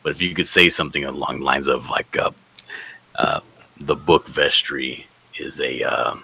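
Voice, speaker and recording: A man in a casual group chat, joking and thinking out loud with a lot of hesitation. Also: a bass voice, normal speed, creaky, breathy edge.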